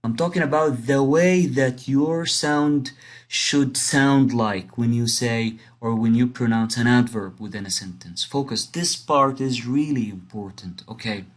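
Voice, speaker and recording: A man's voice: mid-range voice, a little slow. A man teaching an English grammar lesson, explaining patiently and rephrasing his points, reading example sentences aloud with marked stress. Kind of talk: recorded online lesson.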